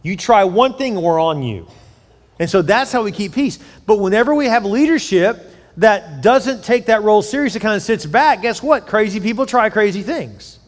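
High-voiced preaching man in echoing hall. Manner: animated, conversational preaching with quick asides. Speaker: pastor. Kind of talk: sermon. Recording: long hall reverb.

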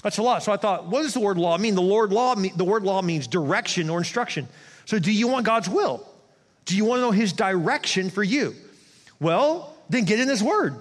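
A man preaching a sermon as pastor, animated and conversational, with quick asides to the congregation. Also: high voice. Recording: long hall reverb.

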